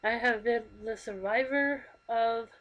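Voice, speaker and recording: A young woman in her twenties with a slightly higher voice talks into a computer microphone. She speaks haltingly and earnestly, with plain emotion in her confessional talk. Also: fairly bright tone, muffled recording. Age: 20s. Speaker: vlogger. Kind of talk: confessional personal talk to camera.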